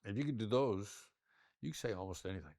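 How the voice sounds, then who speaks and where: A man's voice: lowish voice, lively intonation, fast talker, a little mellow, no echo, clean studio sound. An older man, a negotiation expert giving an interview, who talks in a demonstrative way and shifts his tone to illustrate his points. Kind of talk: interview conversation.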